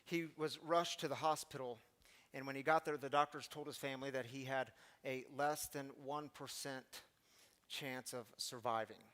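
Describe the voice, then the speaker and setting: A man's voice: medium pitch, steady tone, moderate pace, a bit bright. A middle-aged man leading a recovery group, giving an earnest motivational talk with pleading lines he acts out. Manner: earnest, acts out pleading quotes with rising intensity. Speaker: recovery community leader.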